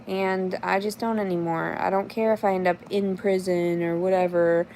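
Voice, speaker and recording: A woman's voice: fairly low pitch, little pitch movement, moderate pace, a little mellow, slight background noise. A woman in her thirties livestreaming in casual chat, reading out comments and answering them in a blunt, profane, rambling way.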